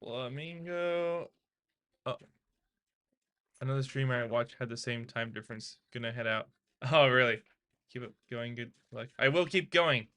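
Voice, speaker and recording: A chatty male streamer who talks casually with his viewers and laughs easily. His voice is bright and forward, at an ordinary pitch. His tone is relaxed and conversational. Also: moderate pace. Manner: chatty, laughing, talks to viewers and reads their chat aloud. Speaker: live streamer learning to code. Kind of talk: casual live-stream chat.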